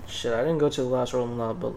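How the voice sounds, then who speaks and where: A young man in casual chat, relaxed and joking, talking in slang. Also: medium pitch, quick pace, gravelly, slight background noise.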